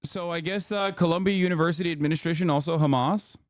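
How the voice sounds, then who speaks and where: A man's voice: fairly high pitch, quick pace, no echo, studio quality. A man in his thirties giving casual, profane and sarcastic commentary as a stream host.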